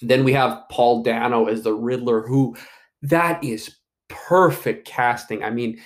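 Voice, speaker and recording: A man's voice: medium pitch, steady tone, measured pace. A man giving casual solo commentary on an upcoming movie, rambling with many fillers and restarts and swearing casually.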